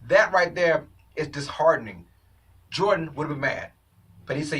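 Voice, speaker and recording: An opinionated man hosts a sports talk show, delivering an animated monologue to his viewers. His voice is bright and fairly high for a man. He sits a little away from the mic, so the sound is slightly distant. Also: normal speed, long pauses, a little hiss or hum. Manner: animated, opinionated, addresses viewers as ladies and gentlemen. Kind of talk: casual sports commentary monologue.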